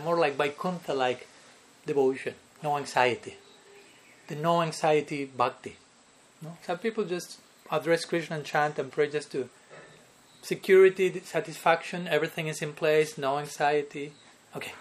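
Slightly high-voiced man giving a devotional talk. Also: moderate pace. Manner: checks in with listeners by asking "no?" and "okay?"; chuckles often between points. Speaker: spiritual teacher. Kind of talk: devotional lecture.

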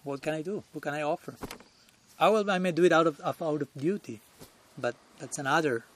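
Chuckling swami with a higher voice. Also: male voice, fairly quick, a little hiss or hum. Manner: chuckles often, conversational and searching for words. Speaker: swami giving a temple lecture. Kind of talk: devotional lecture. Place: temple.

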